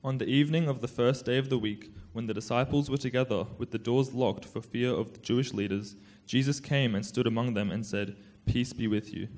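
Man, scripture narrator, solemn measured reading, mid-pitched. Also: a little mellow. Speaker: scripture reader.

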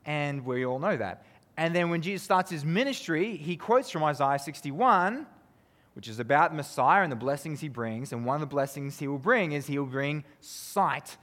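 A man preaching a sermon, earnest and conversational, who keeps asking his listeners tag questions and swings from emphatic peaks down to low, quiet lines. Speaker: pastor. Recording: long reverb of a hall.

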